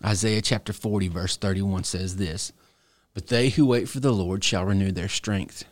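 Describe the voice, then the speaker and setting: A man preaching as a pastor, earnest and exhorting, slowing down to stress key words. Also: low voice, steady tone, dry recording, clean studio sound. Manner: earnest, exhorting, with slow deliberate emphasis. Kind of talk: sermon.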